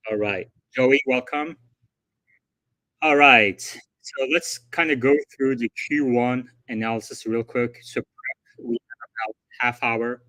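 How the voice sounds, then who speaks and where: A man's voice: mid-range voice, slow, sharp tone, dry recording, rough recording. Male livestream host, dry close sound. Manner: chatty, thinking aloud, reads quotes from a report. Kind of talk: casual livestream commentary.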